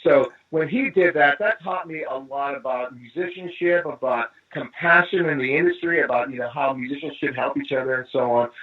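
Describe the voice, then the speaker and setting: Husky man telling a story over a tinny line. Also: mid-range voice, fairly quick, few pauses. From East Los Angeles. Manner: lively storyteller acting out quoted dialogue. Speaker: drummer and guest. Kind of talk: storytelling interview anecdote. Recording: tinny phone-line call.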